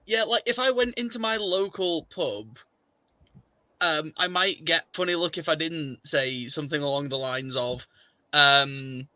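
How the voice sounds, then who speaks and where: A man in casual podcast chat, quick and agreeable. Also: on the high side, pushed and bright, no echo. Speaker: podcast co-host.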